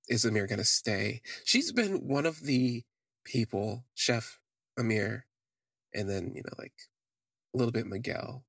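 A man with a gravelly, husky, lowish voice tells a candid personal story for his podcast. He rambles, leaning on "like" as he goes, and the sound is dry and close. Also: fairly bright tone, dry recording. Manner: rambling, with frequent "like" fillers. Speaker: podcast host.

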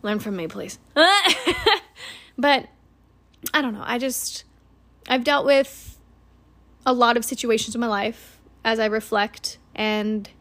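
Swearing woman podcaster giving a pep talk. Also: a little high. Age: 20s. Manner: blunt, swears freely, earnest pep talk. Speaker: podcast host. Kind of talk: casual motivational monologue.

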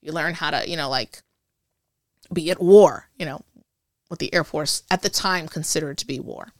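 A woman in her forties, an interview guest, telling a story from her past in an animated, chatty way. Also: low-pitched, moderate pace, no echo, studio quality. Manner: animated storyteller who acts out remembered dialogue. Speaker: interview guest, Air Force veteran.

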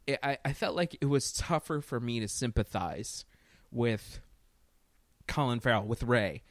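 Male film podcaster, mid-pitched, rambling and profane, laughs a lot, with a dry close sound. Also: expressive, measured pace, dry recording. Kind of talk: casual film discussion.

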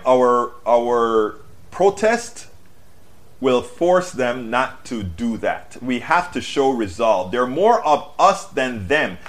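Impassioned male livestream host. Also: mid-range voice. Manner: impassioned, emphatic, repeats phrases with restarts. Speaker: livestream political show host. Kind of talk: live political commentary reading viewer comments.

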